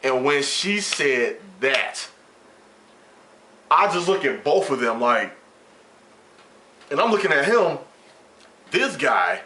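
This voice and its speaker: A man's voice: on the high side, takes it slowly, pauses often. A man vlogging, casually retelling a workplace story with slang and swearing and acting out the dialogue. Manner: animated, slangy, profane retelling with quoted dialogue.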